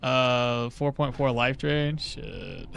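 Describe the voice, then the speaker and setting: A man streaming a game, chatting casually and excitably, swearing now and then. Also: mid-range voice, drawn-out words, gravelly, clean tone. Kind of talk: casual gameplay commentary.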